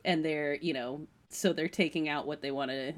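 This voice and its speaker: A woman's voice: deep voice, fairly even intonation, moderate pace. A woman from the United States co-hosting a podcast, chatting casually and reading out a news story with lots of "like" and laughter. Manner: chatty, laughs often, fills with "like". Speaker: podcast co-host.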